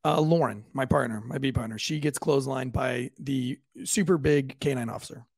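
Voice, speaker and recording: A man, a police officer, casually telling a profane, lively story on a podcast and acting out the voices of the people in it. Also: medium pitch, normal speed, creaky, dry recording.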